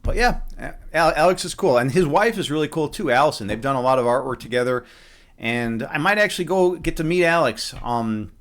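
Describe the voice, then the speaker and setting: A man's voice: fairly high pitch, expressive, fairly quick, a bit bright. A man live streaming a chess game, chatting casually from his home setup, rambling with lots of restarts and the odd swear word.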